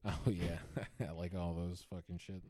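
A man's voice: low-pitched, level tone, a little slow, dark tone. A man co-hosting a podcast in casual chat, crude and joking, laughing often. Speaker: podcast co-host.

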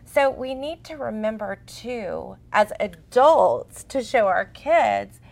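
A woman in her forties, co-hosting a casual chat as an expressive, chatty storyteller. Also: a little high, takes it slowly, vocal fry. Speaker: co-host.

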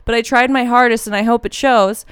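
A woman's voice: fairly high pitch, steady tone, fairly quick, a bit bright, smooth, no room sound, studio quality. Effusive woman reading listener mail. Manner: effusive, reads listener mail aloud, tearful when moved. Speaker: podcast co-host. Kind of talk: casual chat. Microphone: handheld mic.

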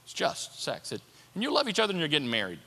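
A preacher doing a wheedling tempter, high and bright, gravelly edge, long hall echo. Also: male voice, wildly swooping pitch, quick pace, full character voice. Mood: coaxing. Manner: wheedling, persuasive, dismissive. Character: coaxing smooth-talking tempter voice, male adult.

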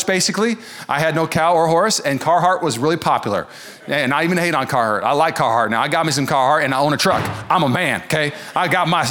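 A pastor preaching a sermon to a church congregation. He talks very fast in a slightly high voice. He keeps a joking, conversational energy throughout. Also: fairly bright tone. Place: church service before a congregation.

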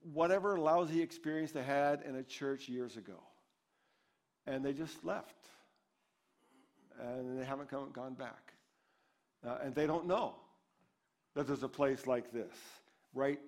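A man preaching a sermon as pastor at a church service, in a conversational, storytelling way. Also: fairly high pitch.

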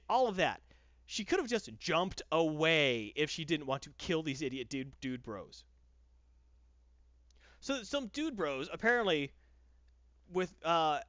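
A man's voice: a little high, a bit bright, dry recording. Sarcastic man ranting, dull lo-fi sound. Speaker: comic book reviewer. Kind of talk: casual podcast chat.

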